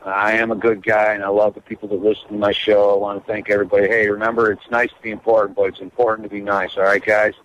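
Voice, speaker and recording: A man's voice: on the low side, flat delivery, fast talker, hardly any pauses, fairly bright tone, muffled recording, a little hiss or hum. A man hosting a talk radio show by phone, rambling and self-deprecating in casual chat. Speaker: regular host calling in from the protest.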